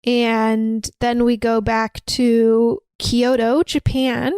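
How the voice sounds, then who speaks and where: A woman's voice: a little high, completely flat delivery, extremely slow, darkish tone, clear, resonant tone, no room sound. Breezy woman retelling a story. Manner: breezy storyteller, acts out quotes. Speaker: podcast co-host recapping a film. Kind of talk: casual chat, retelling a plot.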